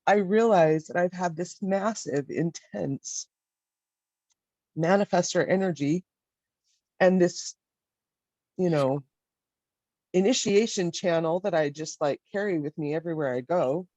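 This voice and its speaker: A woman's voice: lowish voice, unhurried, long pauses, a little mellow, no echo. A woman participant sharing a personal experience in a group, reflective and hesitant with many fillers. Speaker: workshop participant.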